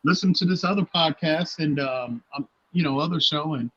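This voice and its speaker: A man's voice: a little high, fairly quick, a bit bright, breathy edge, dull audio. A man co-hosting a casual sports podcast, hesitant and full of restarts, laughing often. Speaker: podcast co-host.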